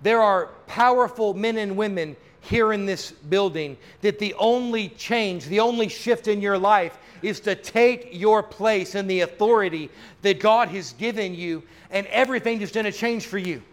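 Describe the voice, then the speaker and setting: In a church sanctuary, a man with a strikingly high voice delivers a charismatic sermon. His fervent preaching builds up to loud, drawn-out declarations.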